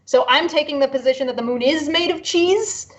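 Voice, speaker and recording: A woman's voice: sits high, brisk, muffled recording. A woman guest in a casual panel chat, playful and joking as she talks. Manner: playful, laughs and jokes between points.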